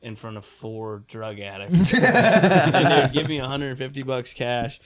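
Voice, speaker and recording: A man's voice: medium pitch, animated, measured pace, a crowd in the background. A man in casual conversation with fellow comedians, telling a story with lots of laughter. He acts out the people in it as he goes. His voice sits in the middle of the range for a man. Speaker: stand-up comedian, podcast co-host.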